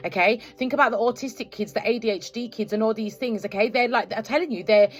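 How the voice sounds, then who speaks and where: A woman's voice: a little high, fast talker. A woman giving a spiritual tarot reading to viewers, ending almost every phrase with "okay? right?" and calling them "collective". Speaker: tarot card reader.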